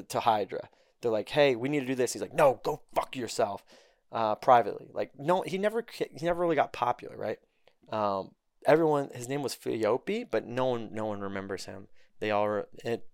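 In a casual conversation, a young man with a mid-range voice tells a profane, animated story as a podcast guest, imitating the voices of those he quotes. The audio is studio quality, with no echo.

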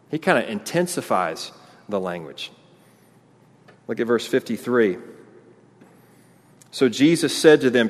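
A pastor, preaching an animated sermon and acting out the crowd's voices. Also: male voice, mid-range voice, measured pace, pauses often. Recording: long hall reverb.

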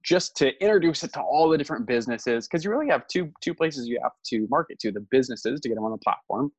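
A man co-hosting a podcast in casual chat, explaining quickly before asking a question. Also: mid-range voice, lively intonation, slightly rough, dry recording. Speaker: podcast co-host. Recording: dull dry sound.

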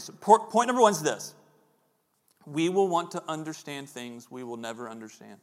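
A middle-aged man preaching a sermon in a relaxed, conversational way, now and then acting out the voices of people in the story. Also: a little high, normal speed. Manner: conversational, acts out voices in quotes. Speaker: pastor.

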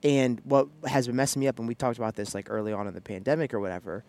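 A man's voice: mid-range voice, fast. Joking man chatting in a parked car. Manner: playful, jokey, animated storytelling. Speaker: podcast co-host. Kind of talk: casual chat. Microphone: headset.

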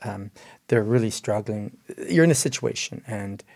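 Gravelly rambling man co-host. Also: lowish voice, expressive, moderate pace, a little mellow. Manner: rambling, explanatory, many fillers. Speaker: podcast co-host. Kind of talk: casual ministry discussion.

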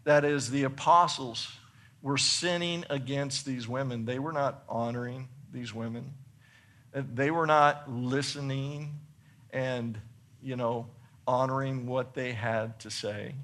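A man preaching a sermon, reading scripture and explaining it earnestly, building to excited emphasis and then dropping soft for points. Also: medium pitch, slow pace. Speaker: pastor.

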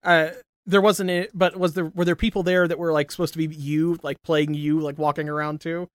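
A man's voice: a little high, flat delivery, a little fast, no room sound. A young man co-hosting a podcast, wry and teasing in laid-back casual chat. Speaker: podcast co-host.

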